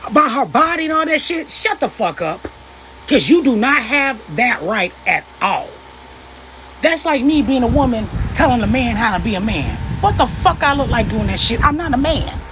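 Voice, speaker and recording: A young woman vlogger, clearly upset, delivers a heated opinion rant to camera, swearing freely and confronting her listeners directly in a blunt, profane way. Her slightly high, a bit bright voice swings widely in pitch with lively intonation at a moderate pace as she presses each point. The audio is poor, with a faint hum of noise underneath.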